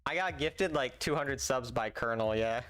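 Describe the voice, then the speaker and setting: Young man, game streamer, smooth clear voice, dry and sarcastic, casual slang talk. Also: mid-range voice, moderate pace, a bit bright. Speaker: livestreamer playing a mobile game.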